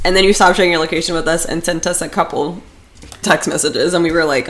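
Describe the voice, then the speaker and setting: A woman's voice: lowish voice, steady tone, fast, fairly bright tone. A young woman co-hosting a podcast, reacting in a blunt, exasperated way during casual chat. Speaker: podcast co-host.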